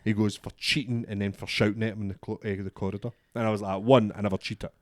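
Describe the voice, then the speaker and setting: A young man with a Scottish accent and a lowish voice tells a story in casual chat, swearing freely. He acts out every voice in the exchange himself. The sound is dry and close. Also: flat delivery, quick pace, no echo. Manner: swears a lot, acts out both sides of a story. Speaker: podcast co-host.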